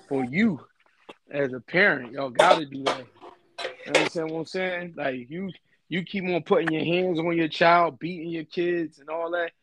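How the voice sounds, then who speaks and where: A man's voice: fairly high pitch, background noise. A young man talking on a podcast, earnest and emphatic, often repeating himself. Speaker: podcast host. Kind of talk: casual podcast talk.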